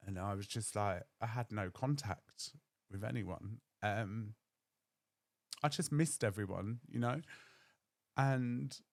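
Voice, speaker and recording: A man's voice: on the low side, dry recording. A young man, telling a candid personal story on his podcast and acting out other people's voices. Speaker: podcast host.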